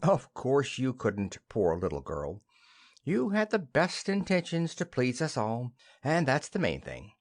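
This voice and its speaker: Patronizing fond husband, read by a man, teasing, slow measured speech, dry sound, audiobook play. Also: mid-range voice, huge pitch swings, no echo, full character voice. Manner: indulgent, teasing.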